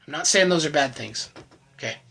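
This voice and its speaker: A man giving an earnest, emotional personal faith testimony to the camera, often halting and repeating words. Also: on the high side, expressive, vocal fry, pushed and bright, husky, poor audio. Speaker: channel host sharing his recovery testimony.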